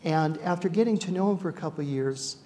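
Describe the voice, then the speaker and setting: A middle-aged man giving a ceremony speech, telling animated stories with frequent "uh" fillers and acting out the quotes. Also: on the high side, fast talker, slight background noise. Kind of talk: storytelling speech to an audience.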